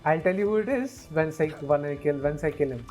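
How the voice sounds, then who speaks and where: A man's voice: fairly high pitch, expressive, a little fast, a little mellow, faint music behind. A man giving chatty, opinionated commentary over gameplay. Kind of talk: casual let's play commentary.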